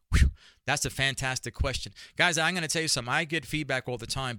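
Energetic New York man hosting a show. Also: mid-range voice, no echo, clean studio sound. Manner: energetic, emphatic, repeats phrases. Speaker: talk show host. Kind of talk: solo podcast monologue.

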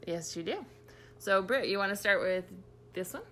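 A woman's voice: medium pitch, animated, normal speed, a bit bright, a little hiss or hum. A woman from Utah co-hosting a podcast, bubbly and giggly in casual chat. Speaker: podcast co-host.

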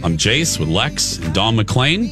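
Low-voiced sick male radio host. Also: sing-song, takes it slowly, music in the background. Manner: rambling, chatty storyteller. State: sick, sounds like something in his mouth. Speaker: radio morning show co-host. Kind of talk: casual radio banter. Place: radio studio.

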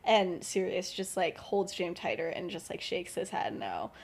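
A woman's voice: fairly low pitch, expressive, moderate pace, creaky, husky. A young woman on a podcast, casually retelling her fan-fiction story, chatty and full of "like" and "um". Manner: chatty, full of "like" and "um", laughs often. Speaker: podcast co-host.

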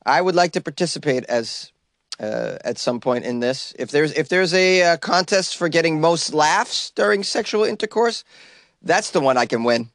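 A man's voice: fairly high pitch, animated, normal speed, a bit bright. A man hosting a comedic news podcast from a small closet, riffing on stories and laughing at his own jokes. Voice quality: jokey, riffs and laughs at his own lines. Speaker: podcast host.

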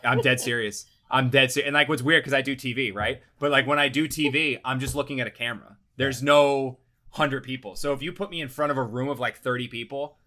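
A young man, a sports reporter, chatting casually on a remote video call, rambling excitably with lots of "like". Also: medium pitch, quick pace. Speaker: team beat reporter and panelist. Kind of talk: casual sports talk chat.

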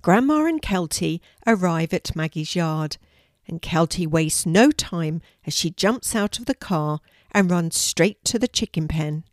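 An older woman, a grandmother, reading a children's story aloud in a calm, clear way. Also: on the low side, a little slow, no room sound, clean studio sound.

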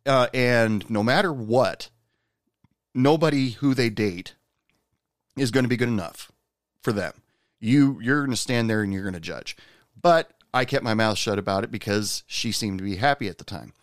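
A man's voice: on the low side, smooth, dry recording, clean studio sound. A man telling a personal workplace story in a loose, rambling way, full of fillers and restarts.

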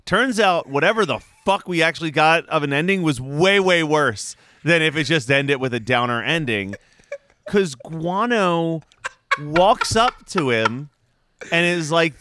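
Bright, crisp-voiced man recapping a cartoon. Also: fairly high pitch, a little slow, dry recording. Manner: animated, swears, acts out characters in quotes. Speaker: podcast co-host. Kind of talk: casual podcast chat.

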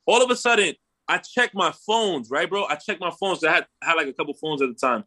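A young man telling a story in casual chat, animated and slangy, swearing and tagging lines with "bro" and "right?". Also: high voice, a little fast, hardly any pauses.

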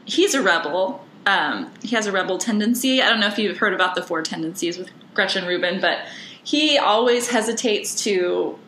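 A woman's voice: mid-range voice, expressive, moderate pace, a bit bright, echoey room, a little hiss or hum, low-quality recording. A woman hosting a podcast, chatting casually in a rambling way with lots of fillers. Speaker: podcast host. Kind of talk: casual interview chat.

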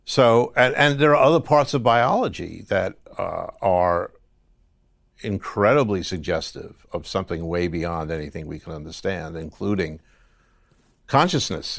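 A deep-voiced man with a gravelly edge speaks as an interview guest, recounting his experiences in a reflective, storytelling way. He often stops and restarts his sentences. The recording is close and dry. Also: dry recording. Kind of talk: conversational interview.

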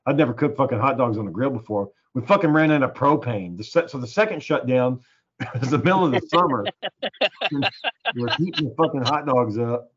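A man's voice: medium pitch, a little fast, breathy edge. A man telling a story in casual chat, swearing often and acting out the voices of the people in it. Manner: profane, animated, acts out quoted voices. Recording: dull lo-fi recording.

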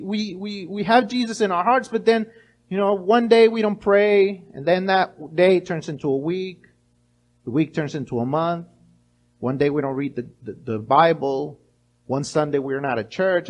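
A middle-aged pastor with a high voice preaches in an animated way. He slips into little acted-out voices and often stumbles and restarts his words. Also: moderate pace. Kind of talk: sermon.

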